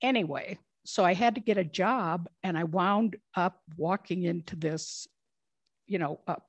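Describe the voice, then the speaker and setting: Older woman telling stories, lower voice. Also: unhurried, no room sound, muffled recording. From Minnesota. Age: 60s. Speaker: guest speaker. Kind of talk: storytelling in interview.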